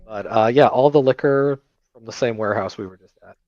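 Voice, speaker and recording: A man's voice: mid-range voice, brisk, a little mellow, no echo. A man playing in a tabletop game, given to dry, wry remarks. His voice comes through a dull, lo-fi mic in a dead, dry space. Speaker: player.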